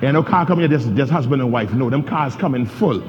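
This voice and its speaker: A male pastor preaching a sermon, leading his congregation through a reading and swinging between shouting peaks and low asides. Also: quick pace. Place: church sanctuary. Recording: dull reverberant church recording with faint noise.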